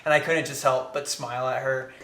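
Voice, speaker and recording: A man's voice: medium pitch, steady tone, a little fast, bright, forceful tone, reverberant, a little hiss or hum. A man in casual couple chat as a vlogger, upbeat and jokey.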